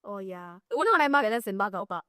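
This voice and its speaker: A young Ugandan woman co-hosting a podcast, telling a story in a casual, animated way and acting out the other people in it. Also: medium pitch, racing, dry recording, studio quality. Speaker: podcast co-host.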